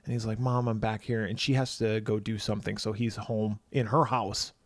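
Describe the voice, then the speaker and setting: A man's voice: lowish voice, level tone, normal speed, no room sound. A man co-hosting a horror film podcast, chatting casually, joking and swearing, often laughing. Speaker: podcast co-host. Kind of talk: casual chat.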